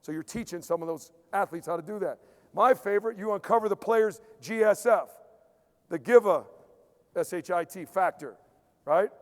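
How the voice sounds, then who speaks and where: A man, a strength coach, giving an emphatic conference lecture, repeating key points and dropping into quiet acted-out asides. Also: sits high, moderate pace. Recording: long hall reverb.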